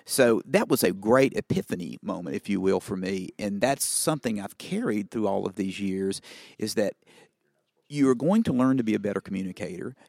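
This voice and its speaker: Southern doctor with a low dry voice. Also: male voice, moderate pace, vocal fry, no echo. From Mississippi, US. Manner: relaxed, anecdotal, folksy asides. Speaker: family physician and broadcaster. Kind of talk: storytelling interview answers.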